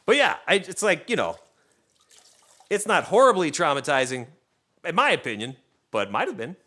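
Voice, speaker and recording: A man's voice: a little high, normal speed. A young man hosting a cooking stream from his home kitchen, chatting casually, joking and swearing as he goes. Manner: animated, swears freely, jokey tangents. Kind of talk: casual chat while cooking.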